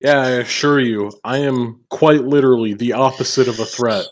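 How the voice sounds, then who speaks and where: A man's voice: medium pitch, fairly even intonation, normal speed, natural voice. A man voicing a blunt, cocky male doctor adventurer, brash and profane, in a tabletop game.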